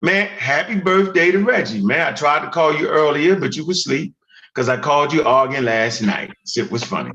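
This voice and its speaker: A man with a Baltimore accent, talking in lively, swinging bursts on a dull, lo-fi line. He keeps the chat going with lots of "right?" and swears freely. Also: on the high side, moderate pace. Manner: animated, profane, talks in bursts with tag questions. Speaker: podcast host. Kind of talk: casual heated chat.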